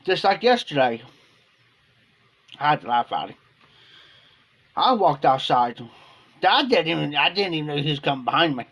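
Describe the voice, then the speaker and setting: A man with an Ohio accent spins a long, rambling workday story in a folksy, unpolished way. His voice sits a little higher than most men's. He slips into quoted back-and-forth as he goes. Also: sing-song, moderate pace, pauses often, a bit bright. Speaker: live streamer. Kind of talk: casual storytelling. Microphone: phone or webcam on a live stream.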